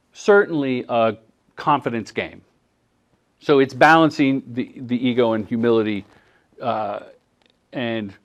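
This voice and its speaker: The audio is dull as a middle-aged man with a medium-pitched voice presents a commercial directing workshop in a film festival workshop room. He fields audience questions with animation, voicing quoted dialogue as different characters.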